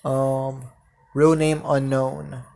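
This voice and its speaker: A man's voice: medium pitch, little pitch movement, drawn-out words, vocal fry, darkish tone. Hesitant man improvising a fan story. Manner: hesitant, many fillers.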